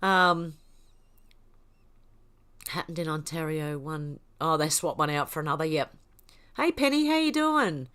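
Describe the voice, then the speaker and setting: A woman's voice: low voice, animated, measured pace, pauses often, a bit bright, smooth. A woman hosting a casual livestream, reading chat comments aloud and laughing often. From Australia.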